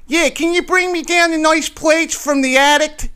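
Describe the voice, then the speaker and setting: A man doing a mocking impression of a Northeast local with a thick Northeast US accent, in a shrill, exaggerated voice pitched far above his own. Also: steady tone, moderate pace, bright, forceful tone.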